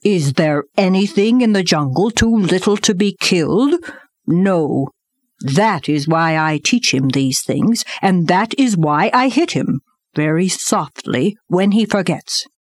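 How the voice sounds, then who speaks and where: Lady reading as a stern old bear teacher, earnest, lecturing, slow and low-ish, dry close sound. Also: expressive, dry recording.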